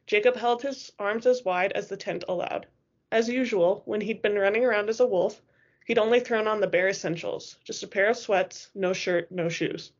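A woman narrates a first-person novel with steady expression. Her voice sits at a middling pitch. The recording is muffled and lo-fi. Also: normal speed. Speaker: audiobook reader.

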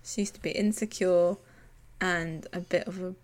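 A woman's voice: lowish voice, fairly even intonation, moderate pace, a little mellow. Chatty young woman recapping a show. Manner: chatty, giggly, retells scenes in quoted voices. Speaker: podcast co-host. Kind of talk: casual recap chat.

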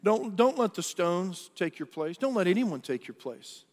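A male pastor preaches in a high, earnest voice, often restarting his phrases. His words ring out with a long echo in a large church hall. His delivery is conversational rather than polished. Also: big pitch swings, normal speed, a little mellow. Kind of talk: sermon.

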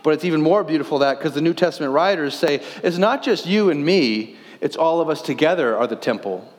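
A man's voice: fairly high pitch, expressive, a little fast, in a large hall. A man in his thirties, a pastor, preaching a sermon earnestly, posing questions and reading scripture aloud.

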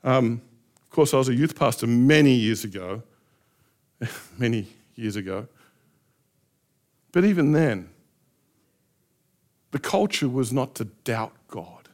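A middle-aged pastor preaching a sermon with passion, acting out heartfelt prayers in changing voices. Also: male voice, mid-range voice, animated, takes it slowly, long pauses. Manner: impassioned, acts out prayers in shifting voices.

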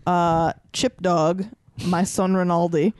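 A man co-hosting a casual podcast chat and dropping crude, deadpan jokes. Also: high-pitched, slow, clean tone, no echo, clean studio sound. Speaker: podcast co-host.

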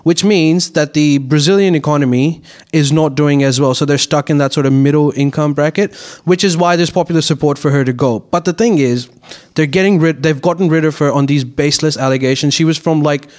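A man with a slightly high voice chats on a comedy podcast. He explains at length, stopping and restarting as he goes, in a relaxed, casual way. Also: brisk. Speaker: podcast co-host.

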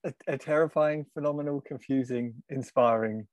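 A man hosting an interview, responding thoughtfully and groping for the right words. His voice sits at a medium pitch. The sound is dry and close. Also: normal speed, no echo. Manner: reflective, searching for words. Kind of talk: conversational interview.

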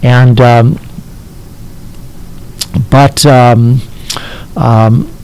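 Slow, halting male teacher. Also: medium pitch, fairly even intonation, darkish tone, a little hiss or hum, low-quality recording. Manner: halting, checks in with "okay?" often. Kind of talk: explaining a text to a listener.

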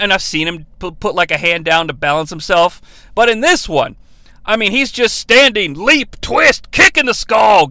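A man hosting a comedic wrestling recap podcast, sarcastic and profane, breaking into loud impressions. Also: high voice, no room sound. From New York. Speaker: podcast host.

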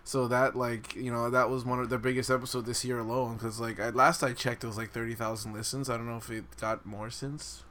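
A man's voice: medium pitch, little pitch movement, a little fast, hardly any pauses, sharp tone, slight background noise. A man hosting a casual podcast, talking loosely with frequent fillers and swearing. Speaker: podcast host.

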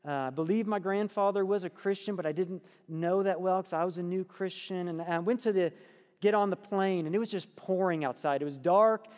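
High-voiced middle-aged male pastor preaching. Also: brisk. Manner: earnest, swings between soft hushed passages and emphatic lifts. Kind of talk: sermon with personal storytelling. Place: church sanctuary. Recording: long reverb of a church hall.

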